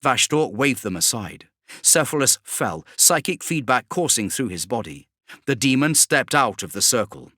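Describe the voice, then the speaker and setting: A man narrating a bedtime sci-fi audiobook, his pitch moving in a lively way through the action. The tone is bright and crisp. The recording is dry and close, with no room sound. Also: normal speed, no echo.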